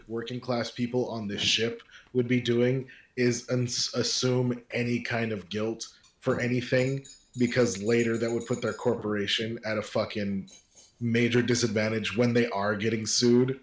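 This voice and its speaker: A man's voice: mid-range voice, fairly even intonation, unhurried. Rambling, profane man in an echoey room. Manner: profane, rambling with many fillers. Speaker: tabletop game player. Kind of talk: casual game chat.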